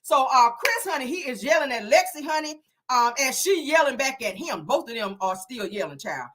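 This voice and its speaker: Animated sassy woman recapping reality TV. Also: sits high, moderate pace. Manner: animated, sassy, profane, laughs often; acts out the cast's lines in quotes. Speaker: reality show recap host. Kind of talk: casual reality TV recap commentary.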